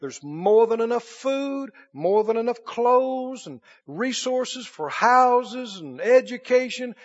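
A man preaching a sermon emphatically, repeating phrases and rising into shouts. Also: very high voice, expressive, slow pace. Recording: dull lo-fi recording.

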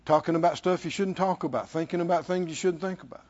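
A man's voice: a little high, fast talker, dull audio. A man preaching a sermon, telling stories, repeating words for emphasis and asking the congregation "Hmm?". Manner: lively storytelling, asks the congregation "Hmm?".

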